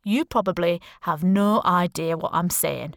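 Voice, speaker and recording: A condescending forty-something police officer, played by a woman reading a storybook. He speaks loudly and slowly, as if to someone who can't follow. The sound is dry and up close. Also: fairly low pitch, gravelly, no room sound. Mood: patronising. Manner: loud, slow, patronising.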